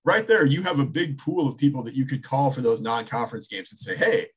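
A man's voice: medium pitch, animated, fast talker, husky. A man in his thirties co-hosting a casual sports talk show, thinking aloud with many restarts.

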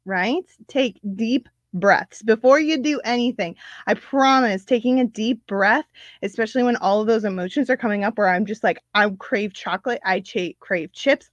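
A woman's voice: medium pitch, dry recording, lo-fi sound. A woman in a casual live video, talking to her viewers with encouraging, chatty restarts and lots of "like". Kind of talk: casual Facebook live talk.

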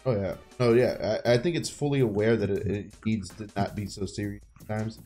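A man's voice: fairly low pitch, steady tone, fairly quick, mellow, faint music behind. A man co-hosting a casual movie review podcast, swearing freely and acting out lines from scenes as he retells them. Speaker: podcast co-host.

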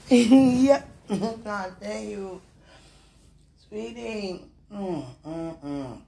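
This woman's mid-range voice is animated and a little mellow, with creaky, drawn-out words. Chatty and laughing often, she repeats phrases and weaves prayer into casual talk. She has heartburn and is hungry.

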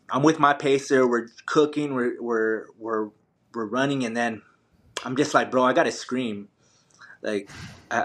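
A young man recounts a long race in lively, slangy speech, with plenty of "like" and "man" and frequent restarts. His voice sits at an ordinary middle pitch. He talks as a relaxed podcast guest. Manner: animated, slangy, many fillers and restarts. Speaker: podcast guest, ultramarathon runner. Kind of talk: casual storytelling.

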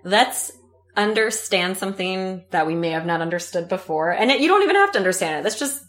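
A woman's voice: medium pitch, fairly quick, echoey room. A woman in her thirties, chatting as an interview guest and telling stories with acted-out voices. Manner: animated storyteller, acts out quoted voices. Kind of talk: casual interview chat.

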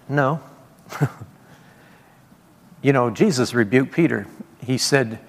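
This man speaks at medium pitch and normal speed, pausing often, as he preaches and delivers prophetic words to people at a meeting. It's informal charismatic ministry, conversational with laughing asides and repeated praise, recorded in a church hall with long reverb and faint background ambience.

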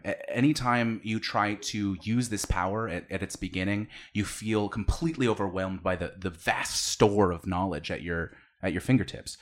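A man narrating as game master for a tabletop game, rambling with many fillers and restarts. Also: deep voice.

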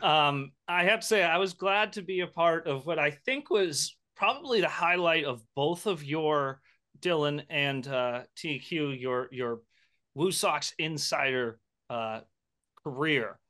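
Bright-voiced man telling a podcast story. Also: on the high side, a little slow. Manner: laughing storyteller. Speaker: podcast co-host. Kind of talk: casual chat.

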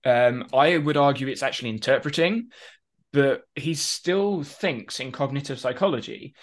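Male podcast co-host, average pitch, lively explainer with asides. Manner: animated explaining, quick asides. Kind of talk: casual conversation.

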